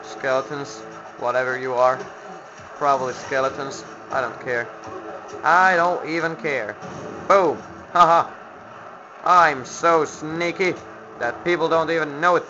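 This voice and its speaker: Grumbling sarcastic man, slow drawl. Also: fairly high pitch, music in the background. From Finland. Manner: grumbling, sarcastic, swears at enemies. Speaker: gameplay commentator. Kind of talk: let's play commentary. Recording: lo-fi home mic with background noise.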